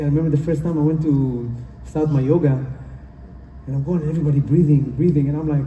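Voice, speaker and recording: This conference speaker talks fast in a steady, mellow voice that runs a little high, delivering a motivational message. A little hiss or hum colors the distant, echoing hall recording. Earnest and repetitive, he uses non-native phrasing.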